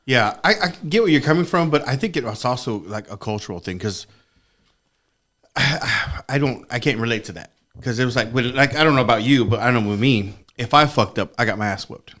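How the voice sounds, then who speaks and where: A man's voice: mid-range voice, expressive, fairly quick, a bit bright. A young man, a podcast guest, chatting in a laid-back way and swearing casually. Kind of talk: casual chat.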